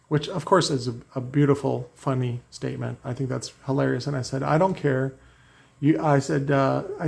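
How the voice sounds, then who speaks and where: A man with a mid-range, slightly mellow voice and vocal fry delivers a rambling, profane monologue, often restarting sentences as he reads out messages. He's a car audio maker and host in a casual rant.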